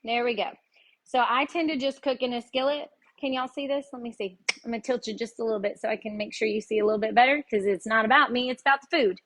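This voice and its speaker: Speaking quickly in a fairly high, slightly bright voice, this Tennessee woman with a Southern accent hosts a live cooking lesson and makes folksy conversation with her viewers as she cooks.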